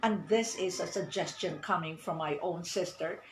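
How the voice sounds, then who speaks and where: A woman giving an online pronunciation lesson, speaking deliberately, repeating words and asking the class questions. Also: on the low side, slight background noise. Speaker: English teacher. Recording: roomy echo.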